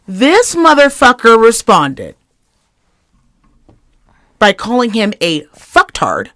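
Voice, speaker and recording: A higher-voiced young woman on a chatty podcast, going off in a heated, profanity-laced rant and switching into mock voices for the people she quotes. The sound is close and dry, with no room around it. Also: wildly swooping pitch, slow, fairly bright tone, no echo. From Reno, Nevada area. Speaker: podcast co-host.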